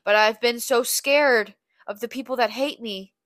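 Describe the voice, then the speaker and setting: A woman's voice: a little high, a little slow, a bit bright, no echo, clean studio sound. A young woman hosting a podcast, talking in a blunt, candid, profane confessional monologue. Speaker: podcast host.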